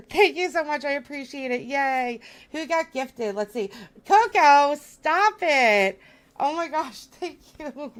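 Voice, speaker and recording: A woman hosting a live stream, gushing and flustered as she thanks her viewers. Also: sits high.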